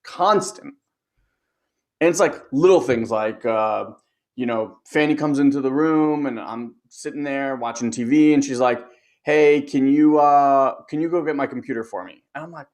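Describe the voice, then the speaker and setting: A middle-aged man co-hosts a relaxed podcast conversation. He tells an everyday story with lively animation and voices his own inner thoughts as he goes. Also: mid-range voice, moderate pace. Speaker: podcast co-host. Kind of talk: casual chat.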